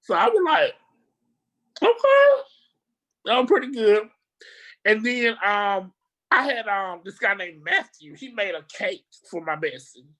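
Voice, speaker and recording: On a video call, someone rambles through an animated story in a casual chat, sprinkling in slang and swearing. The voice is mid-range and the pace moderate.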